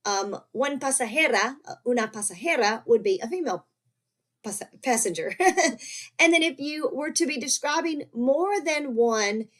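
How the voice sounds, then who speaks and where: A woman's voice: sits high, animated, normal speed, a bit bright. A woman teaching a recorded grammar lesson, explaining patiently and checking in often with "okay?" and "right?". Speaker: Spanish teacher.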